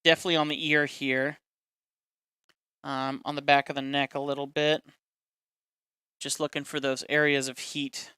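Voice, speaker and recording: Guy narrating his drawing live, chatty and self-deprecating, smooth clear voice, dry close sound. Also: on the high side, level tone, normal speed, long pauses, sharp tone, no echo. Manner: chatty and self-deprecating, narrating each step while reading chat. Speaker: caricature artist streaming a drawing session. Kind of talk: casual live-stream drawing demo.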